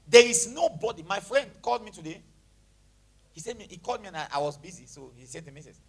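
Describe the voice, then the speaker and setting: A man preaching a sermon to his church, with a lively, emphatic delivery that jumps from shouts to near whispers and mixes in Pidgin phrases. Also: a little high, fast talker, slightly rough. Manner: animated preaching, shouting then dropping to a hush, Pidgin phrases, laughing. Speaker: pastor. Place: church hall with congregation.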